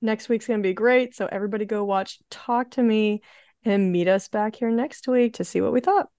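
A woman co-hosts a casual podcast in a chatty, upbeat manner. Her voice sits at a middle pitch and sounds close and dry, with no room echo. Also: normal speed, warm tone. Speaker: podcast co-host.

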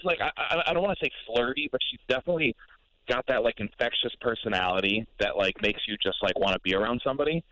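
A man's voice: mid-range voice, bright, forceful tone, dry recording, poor audio. Hesitant young man rambling on a call. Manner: hesitant, rambling, full of fillers. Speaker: caller. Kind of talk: casual radio call.

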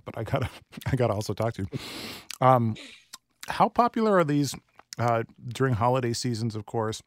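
A man's voice: medium pitch, animated, a little fast, vocal fry, dry recording. Enthusiastic male radio host, dry studio sound. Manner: enthusiastic, chatty, eating while talking. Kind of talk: casual studio food chat. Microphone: studio microphone.

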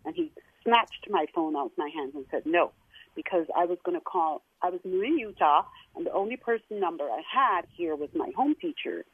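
A middle-aged woman calling in to a talk show, telling a personal story in an emotional, halting way. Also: on the low side, lively intonation, husky. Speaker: guest caller. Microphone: phone. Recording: tinny phone line.

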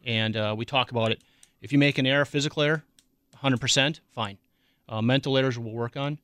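A middle-aged man, a youth softball coach speaking as a radio guest, hesitant with many ums. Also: mid-range voice, fairly even intonation, brisk, no room sound, clean studio sound. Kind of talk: casual radio interview.

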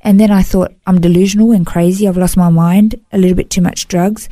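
Woman telling her story in an interview, mellow voice, dry close sound, keeps saying you know. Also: lowish voice, fairly even intonation, fairly quick, no echo. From Australia. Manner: earnest, emotional storytelling with frequent "you know". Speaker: interview guest. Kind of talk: personal testimony in an interview.

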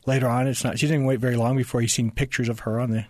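A man's voice: medium pitch, level tone, rapid-fire, darkish tone, no room sound, clean studio sound. A man who writes books, talking in an interview and telling a story, stumbling over restarts and acting out the voices of the people in it. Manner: stammering restarts, acts out quoted voices. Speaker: author guest.

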